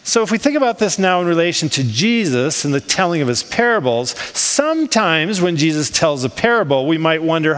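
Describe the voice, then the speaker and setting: A man's voice: on the high side, sing-song, a little fast, few pauses, a bit bright, big-room sound. A man preaching a sermon as pastor, talking in a conversational way with rhetorical questions and frequent ums. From United States. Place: church in Switzerland.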